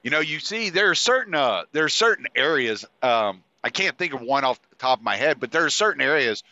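A man's voice: mid-range voice, sing-song, a little fast, sharp tone, dry recording, muffled recording. A man hosting a podcast in a casual, rambling monologue, swearing freely and restarting his sentences, and congested. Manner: rambling, profane, with frequent fillers and restarts. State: congested, sniffly. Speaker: podcast host.

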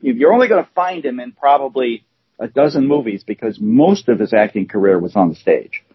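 A man co-hosting a casual chat show, talking in a hesitant, halting way with frequent restarts. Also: mid-range voice, animated, husky, no room sound. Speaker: co-host. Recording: dull dry lo-fi recording.

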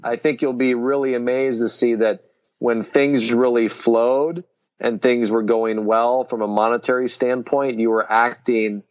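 A man's voice: mid-range voice, steady tone, unhurried, a little mellow, highs cut off. A man co-hosting a casual business chat, rambling with lots of fillers and restarts. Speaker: podcast co-host.

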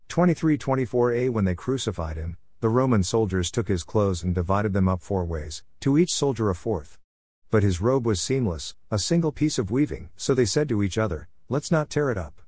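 A man hosting a daily Bible reading podcast, reading scripture aloud in a steady, earnest voice after a short prayer. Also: fairly low pitch, moderate pace, no room sound, clean studio sound.

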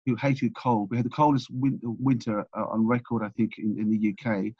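A man's voice: medium pitch, level tone, normal speed, slightly rough, dry recording. A man in his sixties from England, telling rambling anecdotes as an interview guest, with many restarts. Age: 60s. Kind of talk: casual storytelling interview. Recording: dull, dry lo-fi recording.

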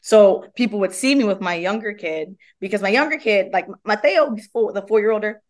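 A young woman speaks as a podcast guest, telling stories in a lively, casual way. She slips into the voices of the people she describes. Her voice sits at an ordinary middle pitch. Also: a little fast. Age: young adult. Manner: animated, acts out quoted dialogue. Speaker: guest, movement method founder. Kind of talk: casual storytelling interview.

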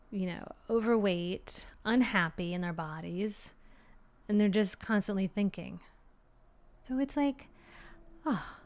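A middle-aged woman talks to camera in an easygoing, reflective way. Her speech rambles along with plenty of fillers, and she sometimes sinks into a hushed whisper. Her voice sits at an ordinary pitch for a woman. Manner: rambling, chatty, many fillers; drops to a soft whisper at times. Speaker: vlogger. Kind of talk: casual reflective monologue.

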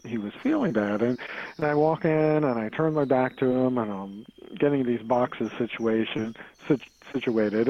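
A man's voice: mid-range voice, a little mellow. A man, a podcast guest, telling a personal story in a casual way, often stumbling, repeating words and chuckling as he goes. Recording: dull lo-fi audio.

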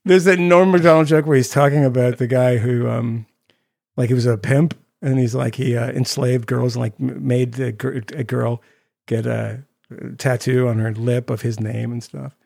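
A man's voice: medium pitch, steady tone, moderate pace, gravelly, a little mellow, no room sound, studio quality. A man co-hosting a podcast, telling rambling funny stories in casual chat and laughing at his own jokes. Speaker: podcast co-host.

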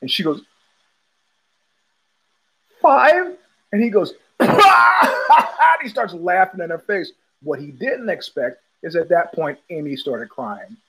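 A man's voice: fairly high pitch, expressive, normal speed, hardly any pauses, a little hiss or hum, rough recording. A man from New York hosting a podcast in a rambling, digressive monologue full of tangents and restarts. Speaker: podcast host. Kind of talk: casual monologue.

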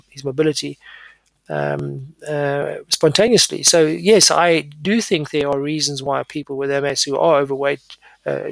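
A middle-aged man, a neurologist, explaining in a measured monologue, with frequent fillers and self-corrections. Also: a little high, vocal fry, no room sound.

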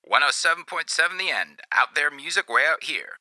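A man voicing a brash, upbeat male radio DJ in an audiobook, with a shouty announcer delivery. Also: fairly high pitch, lively intonation, fairly quick, no room sound, pitched above the performer's own voice. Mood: hyped.

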